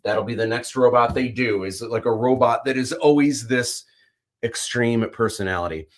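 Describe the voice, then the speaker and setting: A man hosting a livestream, chatting casually, rambling through animated opinions full of fillers and restarts. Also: mid-range voice, moderate pace, slight background noise. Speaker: livestream host. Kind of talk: casual chat.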